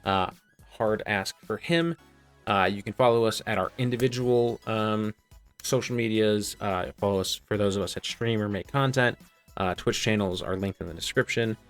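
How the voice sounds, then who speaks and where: Laid-back low-voiced male game master. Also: normal speed, clean tone, soft background music. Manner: casual, filler-heavy, relaxed. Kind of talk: running a tabletop game over voice chat.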